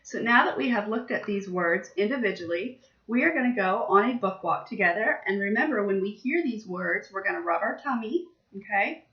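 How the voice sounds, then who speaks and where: A young woman teaching vocabulary to small children, speaking slowly and with exaggerated emphasis. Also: medium pitch, lively intonation. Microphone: laptop webcam. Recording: distant, roomy, dull webcam audio.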